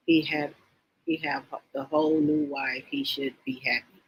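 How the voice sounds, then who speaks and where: A woman hosting a casual livestream, reading viewer comments aloud and gossiping about reality TV in an animated, repetitive, exclamatory way. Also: a bass voice, normal speed, breathy edge, rough recording. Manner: animated, exclaims and repeats herself, reads chat comments aloud.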